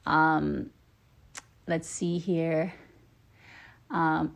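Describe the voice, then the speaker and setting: A woman's voice: deep voice, steady tone, slow, vocal fry. A woman from Atlanta, Georgia, chatting casually and playfully on a live stream from her phone, with lots of filler ums.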